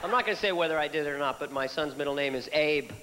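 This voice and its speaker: A middle-aged man performs stand-up on stage, telling stories in an animated way and slipping into voices. His voice sits a little high and rings in a long hall reverb. Loud noise runs beneath. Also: rapid-fire. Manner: animated storytelling, jumps into voices and characters. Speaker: stand-up comedian. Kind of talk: stand-up comedy set. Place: large hall before a live audience.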